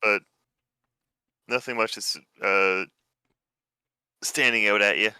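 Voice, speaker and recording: Male game master, low-ish, very bright crisp voice, dry close mic, relaxed hesitant delivery. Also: slow pace, no echo. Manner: relaxed, hesitant descriptions with many fillers. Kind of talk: narrating a tabletop game over voice chat.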